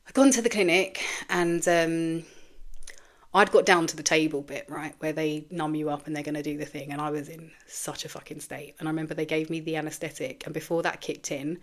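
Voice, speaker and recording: Low-voiced woman, frank and tearful. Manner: frank and profane, with trailing restarts. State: tearful, emotional. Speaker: podcast host. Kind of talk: candid personal monologue.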